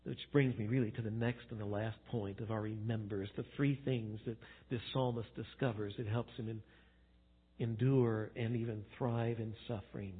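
A male pastor preaching a sermon, swinging from hushed, slow emphasis to loud, playful acting out. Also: on the low side, fairly even intonation, husky. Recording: tinny phone-like sound.

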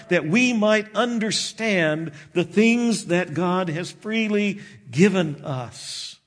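A man preaching a sermon, expressive and slowing down for emphasis. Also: sits high. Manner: expressive preaching, acts out disciples' voices, slows for emphasis. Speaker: pastor.

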